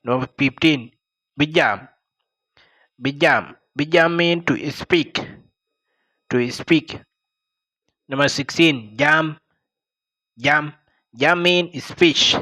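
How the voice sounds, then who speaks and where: A man's voice: on the high side, very slow, pauses often, sharp tone, dry recording. A man with a South Sudanese accent whose first language is Dinka, teaching vocabulary by saying each word twice and explaining it plainly. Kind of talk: vocabulary lesson.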